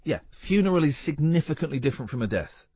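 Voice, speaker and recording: A man's voice: a little high, very animated, fast talker, dark tone, slightly rough, dry recording, highs cut off. A man hosting a late-night radio show, rambling and teasing his co-host in a playful, chatty way. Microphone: studio microphone.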